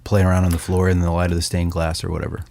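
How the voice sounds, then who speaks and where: A man, a songwriter and author, talking casually and thoughtfully, with pauses and easy laughter. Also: sits low, monotone, vocal fry, a little mellow. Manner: reflective, hesitant, laughs easily. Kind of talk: casual conversation.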